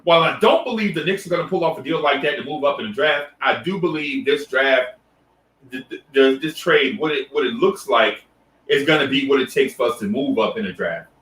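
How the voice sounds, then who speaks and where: A man hosts a casual live stream, greeting viewers one by one and talking loosely with restarts. His voice is bright and forceful. He sits away from the mic in an echoey room. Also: medium pitch, a little fast, far from the mic. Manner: loose, repetitive shout-outs with restarts and fillers. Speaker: livestream host.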